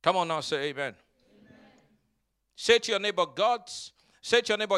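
A man's voice: sits high, expressive, pushed and bright, smooth. A man preaching a sermon as pastor, leading the congregation in call-and-response and stretching out scripture word by word. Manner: drawn-out emphatic scripture reading.

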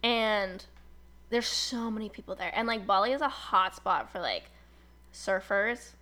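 A woman's voice: mid-range voice, measured pace. A woman in her twenties telling a personal story in casual chat, full of "like" fillers, acting out the voices of people she quotes. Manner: chatty, fillers like "like", animated retelling with quoted voices.

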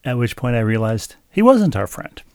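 A man's voice: mid-range voice, big pitch swings, moderate pace, mellow, dry recording, clean studio sound. A man co-hosting a casual chat show, telling stories in a wry, self-mocking way. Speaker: podcast co-host.

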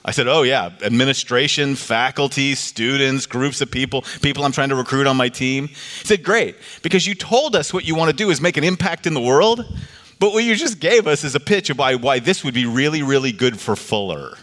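A man giving a sermon, telling a story and lifting his voice when he quotes others. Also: brisk. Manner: animated, rises in pitch for quoted voices. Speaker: preacher. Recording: long reverb of a large hall.

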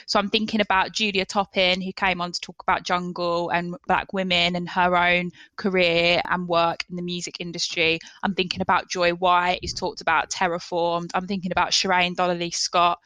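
Bright-voiced woman podcast host. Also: on the low side, level tone, normal speed, few pauses, no room sound. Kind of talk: podcast conversation.

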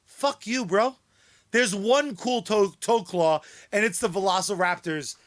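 A man's voice: sits high, measured pace, a bit bright. A man co-hosting a comics podcast, sardonic and profane, laughing often in casual chat. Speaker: podcast co-host.

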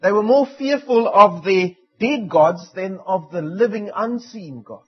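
A man preaching with a fairly high, husky voice. He swings between loud declarations and hushed, pressing asides. The recording is dull and lo-fi. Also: lively intonation, unhurried. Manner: dramatic preaching with sudden drops to near-quiet. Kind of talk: sermon. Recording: dull lo-fi sound.

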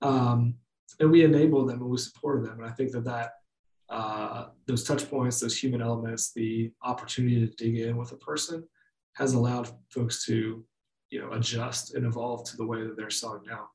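A man's voice: medium pitch, steady tone, normal speed, a little mellow. A man talking casually about managing sales teams, with lots of fillers and restarts. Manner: conversational, many fillers and restarts. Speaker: guest. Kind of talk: casual business chat. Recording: roomy, distant mic.

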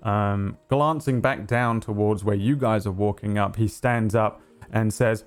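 Halting, low-voiced male game master. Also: faint music behind. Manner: halting, full of ums and uhs. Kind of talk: narrating a tabletop game.

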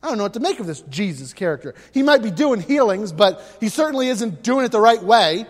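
Lively high-voiced man preaching. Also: fairly quick, hardly any pauses, in a large hall. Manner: conversational, animated preaching with rhetorical questions. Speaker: pastor. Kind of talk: sermon.

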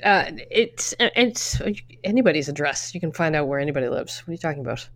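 A middle-aged woman with a fairly low voice talks in a loose, chatty way. She keeps restarting her sentences and drops in the occasional curse. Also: animated, brisk. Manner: chatty storyteller with frequent restarts and swearing. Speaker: podcast co-host. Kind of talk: casual chat.

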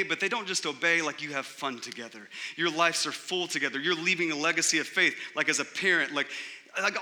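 A middle-aged man, a pastor, preaching a sermon in a casual, animated way, often saying "like" and "right?". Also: high voice, in a large hall.

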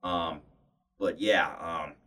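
A young man in casual conversation, telling animated, rambling stories with many restarts and fillers. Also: low voice, slow pace, far from the mic. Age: young adult. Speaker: interviewee. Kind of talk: casual storytelling chat.

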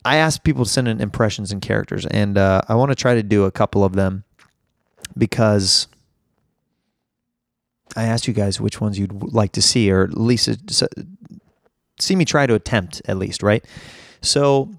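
A hoarse man with laryngitis hosting a casual solo podcast in a rambling, self-mocking way. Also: on the low side, moderate pace, long pauses, no room sound, clean studio sound. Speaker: podcast host.

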